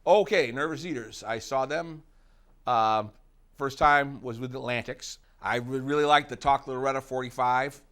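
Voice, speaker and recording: A middle-aged man from the United States talks casually in an interview. He rambles, breaking off for fillers and asides. His voice sits at an ordinary male pitch. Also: normal speed, fairly bright tone, slight background noise. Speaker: interviewee, rock guitarist.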